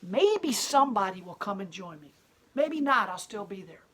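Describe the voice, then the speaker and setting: A woman's voice: mid-range voice, big pitch swings, normal speed. A woman who owns a gallery speaks bluntly and defiantly in an impassioned interview monologue. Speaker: gallery owner and protester.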